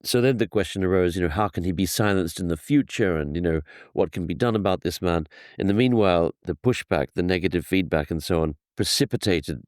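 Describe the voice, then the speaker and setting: A man speaking as a historian guest, explaining at length in animated storytelling, often restarting his sentences. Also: sits low, a little fast, few pauses, no room sound, clean studio sound. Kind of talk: conversational explanation.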